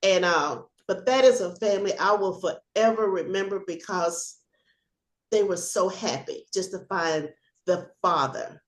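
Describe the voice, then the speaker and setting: Older woman, ex-cop, animated storyteller, video call audio, echoey room. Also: on the low side, measured pace. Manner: animated storyteller, acts out shouting and laughs. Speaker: retired police officer.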